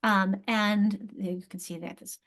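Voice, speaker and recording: A woman's voice: medium pitch, steady tone, takes it slowly, a bit bright. A woman presenting a teacher training session on reading and spelling, explaining step by step with frequent restarts and questions to her audience. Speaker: literacy workshop presenter.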